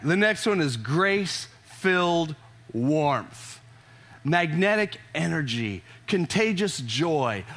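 A male pastor preaching a sermon to a live congregation, his voice high and bright. He talks in an emphatic, conversational way and often restarts his phrases as he builds a point. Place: church service before a congregation.

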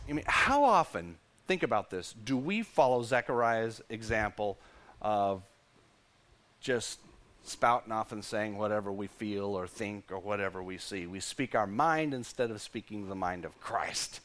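A male pastor preaching a sermon with animated storytelling, often stumbling and repeating words. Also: fairly low pitch, unhurried.

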